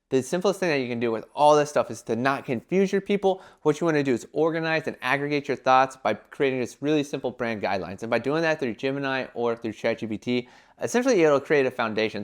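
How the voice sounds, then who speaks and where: A young man giving casual business advice in a vlog, talking animatedly and filling his talk with "like" and quick acted-out quotes. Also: mid-range voice. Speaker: entrepreneur giving brand advice.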